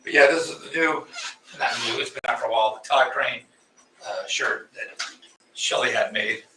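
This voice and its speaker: Laid-back male co-host, mid-pitched bright voice, recorded from a distance in a roomy space. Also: normal speed. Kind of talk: casual chat. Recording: roomy and distant with faint noise.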